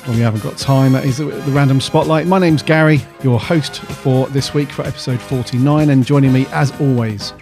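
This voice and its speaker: A man's voice: mid-range voice, fairly even intonation, fairly quick, few pauses, a little mellow, soft background music. Chatty man hosting a podcast. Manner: chatty, jokey, slangy. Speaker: podcast host. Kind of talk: casual podcast chat.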